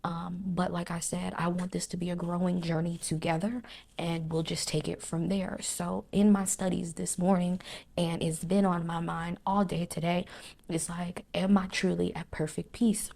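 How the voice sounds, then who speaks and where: A woman's voice: lowish voice, little pitch movement, moderate pace, gravelly, a little mellow. A woman in a faith vlog reflecting on peace in a preaching cadence, with lists and repetitions and frequent drops to a near whisper. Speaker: faith vlogger. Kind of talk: heartfelt spiritual reflection.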